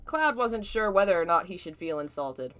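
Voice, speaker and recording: A woman's voice: lowish voice, expressive, normal speed, fairly bright tone. A woman streaming a live reading of fan fiction, amused, often breaking off with laughter and side comments. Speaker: fanfiction reader.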